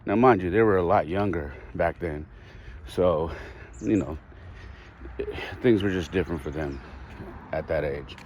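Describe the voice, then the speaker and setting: A man's voice: low-pitched, measured pace, long pauses, a little mellow, highs cut off, a little hiss or hum. A man hosting a podcast, telling a personal story candidly and reflectively, with restarts and the odd sigh. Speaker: podcast host.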